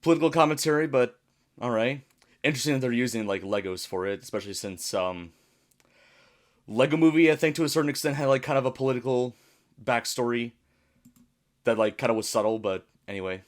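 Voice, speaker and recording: A man talking casually as a reaction host, his explanations wandering and chatty. His voice sits at an ordinary middle pitch for a man. He breaks into laughs often between thoughts. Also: brisk, long pauses. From United States.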